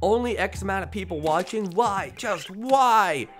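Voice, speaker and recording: Brief: male gamer streamer, bright animated voice, rambling late-night commentary, faint game music behind. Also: high voice, unhurried. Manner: excitable, rambling, bursts into shouting. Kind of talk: live gameplay commentary.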